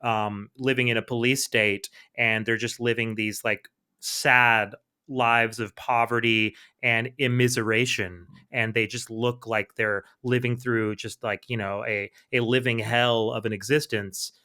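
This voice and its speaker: A man with a bright, forward voice co-hosts a casual comics podcast. He recaps the story in long, rambling, enthusiastic runs full of fillers. His pitch sits at an ordinary middle height for a man. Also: level tone, a little slow, clear, resonant tone. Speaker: podcast co-host.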